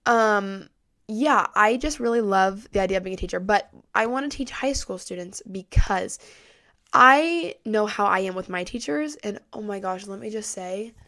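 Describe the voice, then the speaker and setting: A woman's voice: medium pitch, normal speed, a bit bright. A teenage girl hosting her own podcast, rambling in a casual way with lots of "like" and "um". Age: teens. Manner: rambling, heavy use of "like" and "um". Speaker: podcast host. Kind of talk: casual solo podcast chat.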